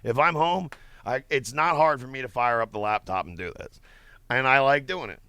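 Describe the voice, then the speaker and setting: Young guy hosting a podcast from his basement, swears a ton, bright voice, dry close sound. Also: mid-range voice, moderate pace, smooth, no echo. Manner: profane, joking, laughs often. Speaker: podcast host. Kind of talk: casual chat. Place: home basement.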